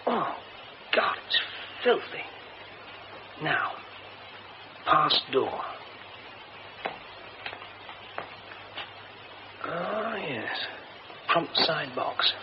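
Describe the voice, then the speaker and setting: An excitable young playwright in an old radio drama. He talks to himself in bursts of exclamation, his voice high and swinging widely. The recording is dull and carries a clear hiss. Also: extremely slow, long pauses, full character voice. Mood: wondering.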